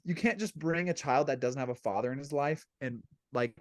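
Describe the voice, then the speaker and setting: A man's voice: mid-range voice, fairly quick, no room sound, studio quality. A man in a casual chat giving blunt, emphatic opinions.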